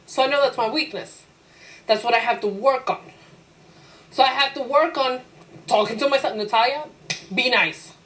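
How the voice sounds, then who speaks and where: A woman teacher lecturing a class, her voice sitting a little high. She talks with lively energy, slipping into quoted voices for her own thoughts and firing rhetorical questions at the room. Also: normal speed, long pauses, low-quality recording. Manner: laughs easily, asks the class rhetorical questions.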